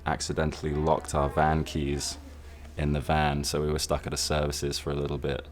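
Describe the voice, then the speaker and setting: A British man from a band telling a tour anecdote in a dry, steady way, chuckling now and then. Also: extremely low pitch, moderate pace. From United Kingdom. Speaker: band member. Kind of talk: casual anecdote.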